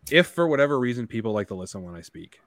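A man with a smooth, deep voice chatting casually on a podcast, rambling and swearing freely. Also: very animated, rapid-fire, no echo. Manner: rambling, profane, laughs loudly. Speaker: podcast co-host. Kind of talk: casual chat.

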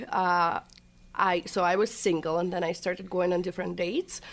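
Playful, teasing Russian-native woman. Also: lowish voice. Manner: playful, teasing, laughs often. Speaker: guest, comedy video creator. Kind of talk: casual podcast conversation.

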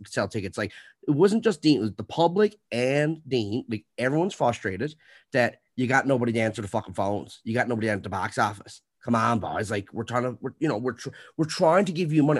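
A man's voice: medium pitch, slightly rough. A man hosting a podcast, ranting in a heated, profane way during a casual chat. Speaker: podcast host.

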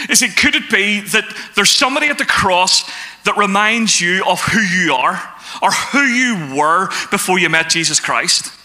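A man's voice: sits high, fairly quick, pushed and bright. A man preaching a sermon to a congregation, asking them questions and reading scripture aloud. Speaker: pastor.

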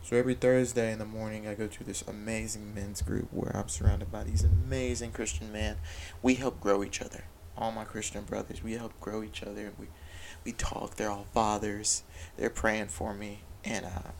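In a gravelly, medium-pitched, darkish voice, a father earnestly shares a confessional story of faith and struggle, restarting often. The audio is poor, with slight background noise.

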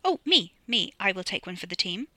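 A woman's voice: mid-range voice, animated, brisk, bright, forceful tone, no room sound. Bunty, a gushing posh flirt, as a woman reads her. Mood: teasing. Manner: gushing and teasing.

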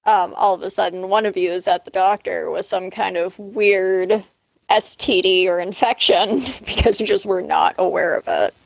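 A woman's voice: mid-range voice, creaky, no echo. A woman hosting a podcast, talking frankly and directly and leading the conversation. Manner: frank and direct, steers the talk. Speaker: podcast host. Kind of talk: casual podcast chat.

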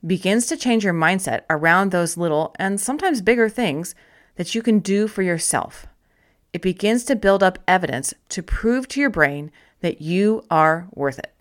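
A woman with a slightly low voice narrates a motivational self-help book. Her reading is gentle and encouraging. She slows down to stress key phrases with deliberate care. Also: expressive. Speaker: audiobook narrator.

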